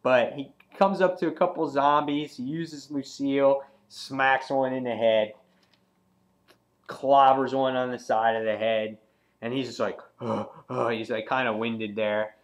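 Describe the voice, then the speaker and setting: A man chatting casually as he reviews a comic book, rambling through the story with plenty of fillers and restarts. His voice sits at an ordinary middle pitch for a man. He talks loosely and unscripted. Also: fairly even intonation, measured pace. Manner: rambling, many fillers, acts out quotes. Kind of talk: casual chat.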